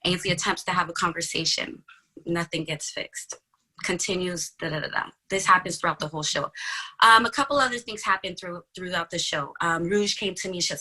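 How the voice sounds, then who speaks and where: A woman's voice: fairly low pitch, fairly quick, poor audio. A woman guest in a podcast interview, telling a story conversationally and acting out the dialogue she quotes. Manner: animated, acts out quoted dialogue.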